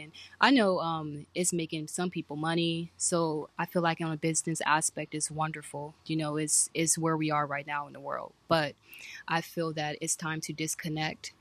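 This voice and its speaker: Calm low-voiced woman guest. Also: a little hiss or hum. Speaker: podcast guest. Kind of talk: casual talk.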